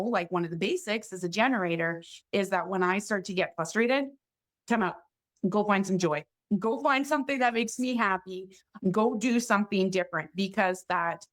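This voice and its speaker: A woman hosting a podcast who talks in a casual, chatty way, laughing easily. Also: medium pitch. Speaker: podcast host. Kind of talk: casual chat.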